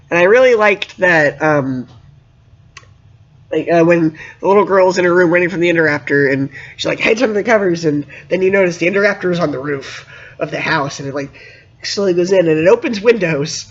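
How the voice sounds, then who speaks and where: A man giving a casual spoken movie review, animated and emphatic, with many fillers. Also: high voice, highs cut off.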